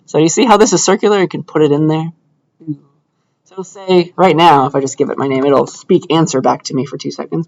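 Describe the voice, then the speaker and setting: A young man teaching computer science in a lecture hall, chatty and easygoing as he explains each step out loud. His voice sits a little high for a man. The recording is dull and lo-fi. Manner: casual, chatty, thinking aloud while clicking through code. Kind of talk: live classroom lecture with coding demo.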